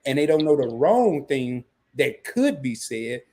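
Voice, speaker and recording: A man co-hosting a casual podcast, talking in an animated way that jumps up high when he makes a point. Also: unhurried. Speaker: podcast co-host.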